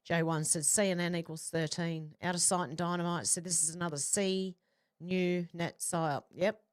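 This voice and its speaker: A woman's voice: on the low side, fairly even intonation. Chatty woman reading out viewer comments. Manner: chatty, quick asides between comments. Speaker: livestream host.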